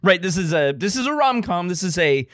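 A man's voice: sits high, very animated, fairly quick, fairly bright tone, no echo, clean studio sound. A man hosting a casual film-review podcast, rambling through tangents with restarts and obvious enthusiasm. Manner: rambling, digressive, many restarts; enthusiastic about old films. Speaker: podcast host.

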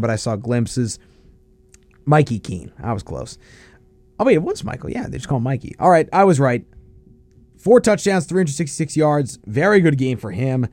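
Male sports talk host, animated delivery, dry close sound, casual game breakdown. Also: mid-range voice, dry recording. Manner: lively, animated analysis with quick asides. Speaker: college football show host.

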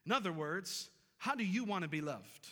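This thirty-something pastor delivers his sermon with earnest emphasis, returning again and again to key phrases. He speaks at a moderate pace in a high, somewhat bright voice with lively intonation, and the sanctuary gives a reverberant sound.

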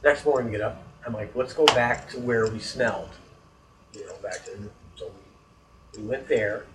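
A man's voice: mid-range voice, moderate pace, reverberant, recorded from a distance, noisy background. A man telling a story in casual chat, rambling and swearing, getting worked up when annoyed.

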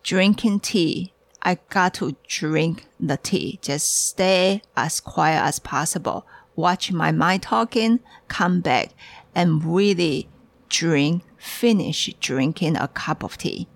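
A woman's voice: lowish voice, slow, gravelly, no echo. A woman hosting a casual podcast, talking in a hurry and restarting her sentences as she gets ahead of herself. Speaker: podcast host and tea shop owner.

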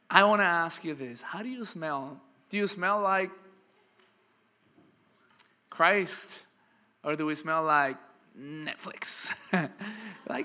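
A middle-aged man preaching a sermon, energetic and emphatic, acting out little quoted voices. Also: on the high side, slow, pauses often.

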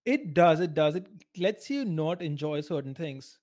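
A man's voice: a little high, lively intonation, unhurried, a little mellow. A man co-hosting a podcast in casual chat, blunt and laughing at his own stories. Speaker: podcast co-host.

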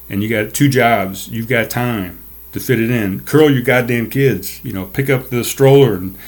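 A middle-aged man hosting his own podcast from a desk, ranting in a fired-up, profane, motivational way. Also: medium pitch. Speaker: podcast host. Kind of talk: casual solo podcast rant. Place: home desk.

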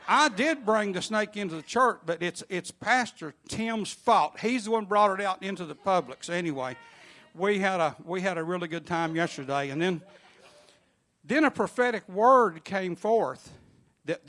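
A man telling an animated, funny story to a church congregation. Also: high-pitched, unhurried.

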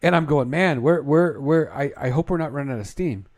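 A man's voice: on the high side, fairly quick, darkish tone. A man co-hosting a morning show, chatting in a wry, self-mocking way. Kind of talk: casual radio banter.

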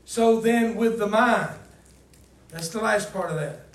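High-voiced man preaching in a roomy hall. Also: a little slow. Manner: asks the congregation to fill in words; swings from loud emphasis to low, quiet asides. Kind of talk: sermon with scripture reading. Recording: roomy, distant mic, faint background noise.

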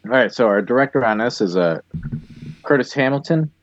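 A man from Ohio co-hosting a podcast in a halting, easygoing way, full of hesitant fillers. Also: medium pitch, expressive, no room sound, muffled recording. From Ohio, USA. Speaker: podcast co-host. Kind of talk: casual chat.

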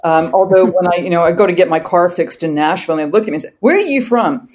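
A woman's voice: fairly low pitch, fairly even intonation, very fast, a little mellow. Dry-witted older woman. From southeastern Massachusetts. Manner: dry, witty, precise. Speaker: guest scholar. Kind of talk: podcast interview.

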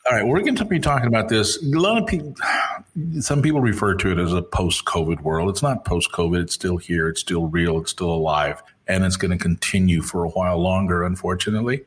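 A man's voice: low voice, brisk. A man hosting an interview, chatty and joking with his guests. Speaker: interview host. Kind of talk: podcast interview.

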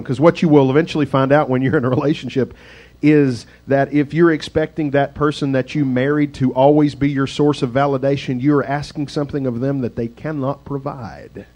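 A man's voice: medium pitch, normal speed, darkish tone. A male pastor giving a casual, conversational sermon with rambling, self-deprecating asides.

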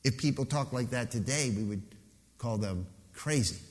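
Man, pastor, emphatic sermon delivery, slows to stress words, mid pitch, long hall reverb. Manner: emphatic preaching, slowing down to stress key words.

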